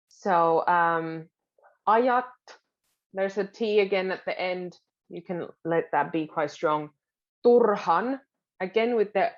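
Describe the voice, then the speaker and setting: A woman teaching pronunciation at an unhurried, careful pace, repeating words patiently. Her voice sits a little low. The recording sounds dull and lo-fi. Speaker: Finnish language teacher. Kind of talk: pronunciation lesson.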